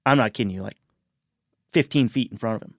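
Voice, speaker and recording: A man's voice: mid-range voice, fast talker, vocal fry, dry recording, highs cut off. A man on a podcast telling a story loosely and casually, with many fillers like "like" and "you know.". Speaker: podcast guest.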